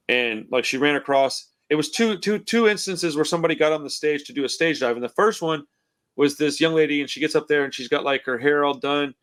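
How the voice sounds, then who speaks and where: A man's voice: fairly high pitch, a bit bright. A man in his forties hosting a podcast, chatting in a laid-back, rambling, profane way over a computer call. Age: 40s. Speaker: podcast host. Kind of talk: casual podcast chat. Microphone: computer call mic.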